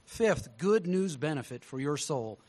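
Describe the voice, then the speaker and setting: A male pastor preaching a sermon, telling stories with lively swings between loud emphasis and hushed tones. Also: fairly high pitch, measured pace.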